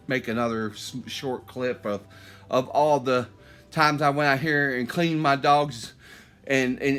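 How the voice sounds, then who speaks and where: A homeowner vlogger films a casual walkthrough of his house and out into the yard, talking in a rambling, conversational way and repeating himself. He's short of breath at times, with a medium-pitched, fairly bright voice.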